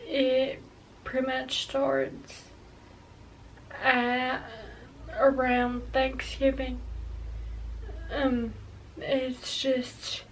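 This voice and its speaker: A young woman in her early twenties speaks in a high, slow, halting way, often pausing and restarting as she opens up on camera. Her pitch stays fairly level. She sits a little back from the mic, with a faint hiss of background noise. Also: monotone, far from the mic, poor audio. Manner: halting, hesitant, emotional. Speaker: vlogger. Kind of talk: personal confessional vlog.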